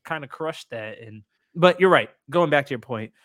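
A young man from Indiana chatting casually on a podcast, animated and joking with lots of fillers. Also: fairly high pitch, normal speed, no echo, studio quality. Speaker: podcast co-host. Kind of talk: casual chat.

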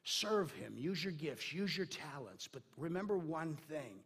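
A man's voice: on the high side, sing-song, a little slow, fairly bright tone, husky. A man preaching a sermon in a conversational way, with many fillers and restarts. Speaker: pastor.

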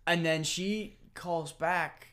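A man co-hosting a podcast in casual chat, animated and laughing often. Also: on the high side, slow, clean tone. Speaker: podcast co-host.

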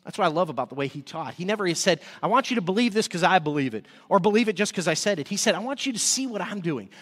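A man preaching a sermon as pastor, energetic and repeating words when excited. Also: high-pitched, fast, in a large hall. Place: church service.

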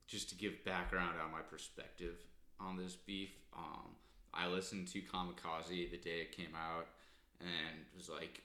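A man's voice: low-pitched, flat delivery, moderate pace, pushed and bright. A man co-hosting a podcast in casual chat, rambling and hedging a lot as he talks. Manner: rambling, hedging with "like" and "I don't know". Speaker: podcast co-host. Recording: roomy echo.

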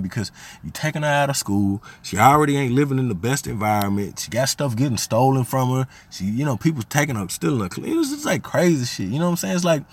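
A man from Arkansas, hosting a podcast and telling family stories in a slangy, rambling way that turns heated when he is riled. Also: medium pitch. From Arkansas, USA. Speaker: podcast host. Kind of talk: casual storytelling monologue.

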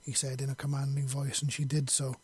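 Husky man reading a story aloud. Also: medium pitch, completely flat delivery, fairly quick, a little mellow, no echo. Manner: unpolished reading with slips and restarts. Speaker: story reader. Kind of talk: reading his own fiction aloud.

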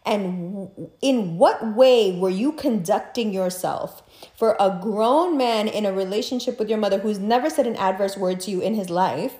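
A woman hosting a podcast, ranting in a casual, profane and animated way, mocking people with quick impressions. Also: mid-range voice. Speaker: podcast host. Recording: echoey room.

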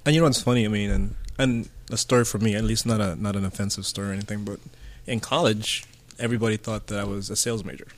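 A man's voice: on the low side, steady tone. A man hosting a casual panel chat, talking in a loose way with plenty of fillers. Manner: quick, loose talk with many fillers.

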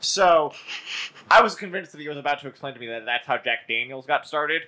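Podcast co-host, male, from the Houston area; bright tone, sarcastic and profane. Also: on the high side, expressive, a little fast. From Houston area, Texas. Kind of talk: casual chat.

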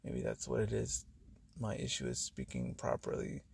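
A man's voice: very deep voice, very animated, normal speed, vocal fry, darkish tone, slightly rough. A tired man hosting a podcast, rambling through a personal monologue with sighs and trailing thoughts, his words sometimes running together. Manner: words run together at times. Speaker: podcast host.

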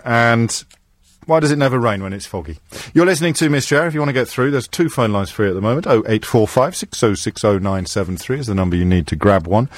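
Guy hosting a call-in radio show, rattles along fast, deadpan jokes. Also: fairly low pitch, dry recording. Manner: dry, teasing banter with callers. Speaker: radio phone-in host. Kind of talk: phone-in radio chat. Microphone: studio microphone.

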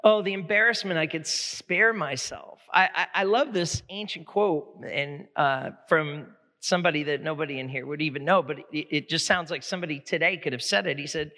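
A man preaching a sermon, animated and storytelling, often repeating words as he builds a point. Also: a little high, moderate pace, few pauses, long reverb tail. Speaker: pastor.

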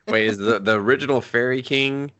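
A man co-hosting a podcast in casual chat, jokey and quick to act out silly voices. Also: medium pitch, a bit bright, highs cut off. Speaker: podcast co-host.

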